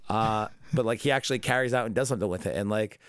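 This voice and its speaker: A man's voice: fairly low pitch, quick pace, clear, resonant tone. A man hosting a podcast in loose, profane casual chat, full of fillers. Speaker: podcast host.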